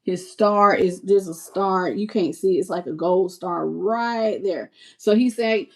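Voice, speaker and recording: A woman giving a live tarot reading. Her voice sits at a middle pitch. She is chatty and expressive and talks straight to her viewers, calling them "baby" and "y'all". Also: measured pace, few pauses. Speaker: tarot reader.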